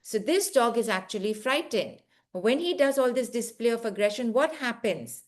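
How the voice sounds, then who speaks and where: A woman's voice: fairly high pitch, expressive, normal speed. A woman teaching an online dog behaviour course, earnestly acting out what fearful dogs are thinking. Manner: earnest, acts out dogs' thoughts in first person.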